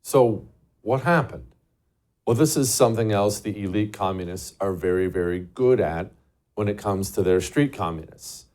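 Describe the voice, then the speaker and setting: A man's voice: on the low side, normal speed, darkish tone. A man hosting a show, delivering a scornful, emphatic political commentary monologue full of rhetorical questions. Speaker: show host.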